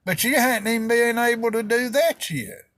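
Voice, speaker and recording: This video host, a middle-aged Southern American man, speaks at an extremely high pitch with a fairly bright tone and a moderate pace, with no room sound at all. He delivers a heated, folksy opinion rant to the camera, loaded with rural slang.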